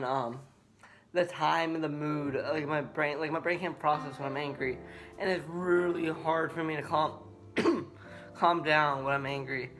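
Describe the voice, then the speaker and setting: Earnest young man with a bright voice. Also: fairly high pitch. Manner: earnest, halting, with many restarts. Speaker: vlogger. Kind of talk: personal talk to camera.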